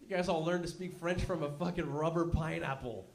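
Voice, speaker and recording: A young man doing a stand-up comedy set, telling profane, animated stories and slipping into mock voices. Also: fairly high pitch, brisk, creaky. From Canada.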